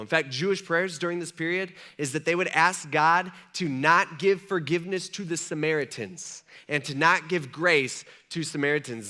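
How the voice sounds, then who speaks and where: A man pastor giving a casual, conversational sermon in a church, telling the story with animated energy. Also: a little high. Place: church sanctuary.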